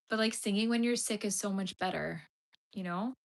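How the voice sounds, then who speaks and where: A woman's voice: mid-range voice, gravelly. A young woman hosting a casual crochet livestream, chatting with viewers, giggly and full of "like" fillers. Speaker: livestream host.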